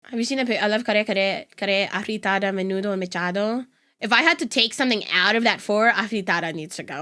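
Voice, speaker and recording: A woman's voice: medium pitch, quick pace, pushed and bright. A woman VTuber streamer in casual stream chat, playful and gushing.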